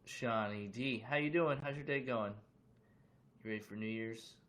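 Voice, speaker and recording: A man's voice: medium pitch, moderate pace, fairly bright tone. A man casually hosting a livestream from his room, chatting loosely and greeting viewers with questions. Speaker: livestream host.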